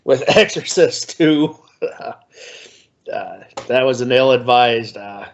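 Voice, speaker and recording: A man's voice: medium pitch, slow pace, dull audio, slight background noise. A man co-hosting a podcast in casual chat, dropping short dry teasing one-liners. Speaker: podcast co-host.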